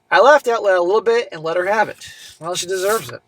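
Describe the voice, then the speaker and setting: Blunt, high-voiced man reading a letter. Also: normal speed, long pauses, no room sound, rough recording. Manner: blunt, sarcastic asides between read passages. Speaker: host reading and reacting to a viewer's letter. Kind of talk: reading a story aloud with commentary.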